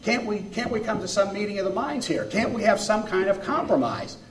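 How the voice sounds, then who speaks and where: A man's voice: high voice, sing-song, fairly quick, slight background noise, pitched above the performer's own voice. A man doing a clever talking bear. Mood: pleading. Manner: pleading and wheedling. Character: clever talking brown bear bargaining for its life. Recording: roomy hall from far off.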